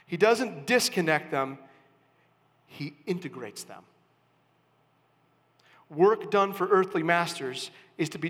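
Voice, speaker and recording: A high-pitched man preaches a sermon at a slow, deliberate pace, leaning hard on key words and then dropping to a hush. His voice rings with the long reverb of a big church hall. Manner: slow, emphatic preaching with sudden rises and soft drops. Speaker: pastor.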